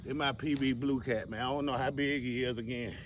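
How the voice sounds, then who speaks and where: A man filming himself fishing, shouting excitedly and repeating short phrases as he lands a fish. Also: mid-range voice, a little fast, recorded from a distance. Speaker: angler filming his catch. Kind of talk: excited outdoor fishing commentary. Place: outdoors on the water while fishing. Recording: noisy outdoor audio, mic away from the speaker.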